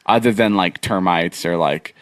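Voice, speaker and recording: Young dude rambling through a story, kinda low voice, dry mic, tons of likes and ums. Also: male voice, moderate pace, no room sound. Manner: rambling, filler-heavy, animated retelling. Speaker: podcast co-host. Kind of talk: casual storytelling chat.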